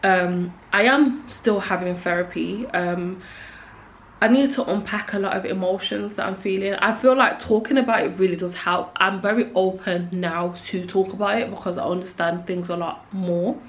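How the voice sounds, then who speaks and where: A woman's voice: mid-range voice, fairly even intonation, moderate pace, slight background noise. A woman, telling her personal story to her own camera in a candid, emotional way that often repeats itself. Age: 20s. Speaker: vlogger.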